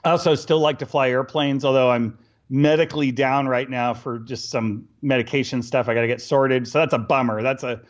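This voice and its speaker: A middle-aged man telling stories casually as an interview guest, animated and acting out bits of dialogue with laughs. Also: mid-range voice, a little fast. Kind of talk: casual storytelling. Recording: dull lo-fi recording.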